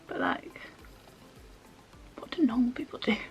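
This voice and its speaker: A woman's voice: on the high side, huge pitch swings, measured pace, whispered, faint music behind. A woman chatting her way through a makeup tutorial at home, rambling with self-mocking asides as she works. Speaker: makeup vlogger.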